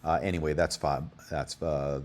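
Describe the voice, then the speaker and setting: A man's voice: a bass voice, flat delivery, moderate pace. A man hosting a coin deals channel, rambling casually and thinking aloud as he works through prices, with the hiccups. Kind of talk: casual deal rundown.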